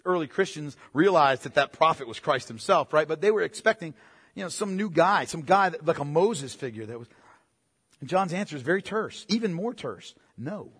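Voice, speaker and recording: A man's voice: a little high, animated, normal speed, a bit bright, slightly rough, big-room sound. A man preaching a sermon in a conversational, emphatic way, repeating phrases and throwing in "man" as an aside.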